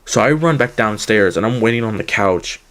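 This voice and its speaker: A man's voice: on the low side, lively intonation, fairly quick, a bit bright. Young man telling a rambling story. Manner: rambling, quotes others with "he goes", many fillers. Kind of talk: casual storytelling.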